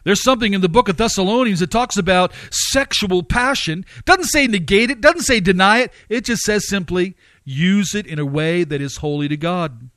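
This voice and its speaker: High-voiced emphatic male preacher. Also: moderate pace, few pauses, a bit bright, no echo. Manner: emphatic, with repeated phrases and rising outbursts. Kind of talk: sermon.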